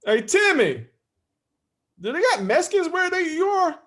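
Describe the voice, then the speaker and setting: A man's voice: very high voice, sing-song, a little slow, pushed and bright, voice pushed up, full character voice. A man voicing a blunt older uncle who likes to cuss, asking teasing questions in a raised voice.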